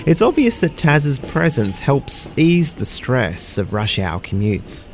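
Lively-voiced male radio reporter. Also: mid-range voice, noisy background. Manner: measured storytelling with questions to the guest. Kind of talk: narrated radio feature.

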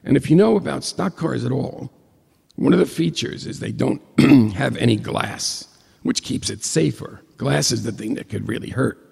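An older man telling a comic personal story, animated and acting out the dialogue. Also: medium pitch, moderate pace, creaky, husky. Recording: long hall reverb.

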